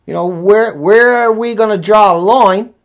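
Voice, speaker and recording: In a dull, lo-fi clip, a man with a high voice rants as a video blogger without rushing. His monologue is angry, full of swearing, and keeps circling back to the same points.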